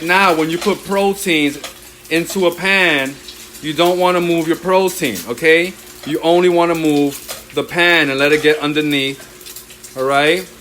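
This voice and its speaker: Excitable and coaching, a middle-aged chef streams a cooking demo from his stove on a handheld phone, his voice fairly high. He keeps checking in with "okay?" and "all right?" and lets out loud whoops. Sizzling and kitchen clatter are clearly audible, with slight background noise.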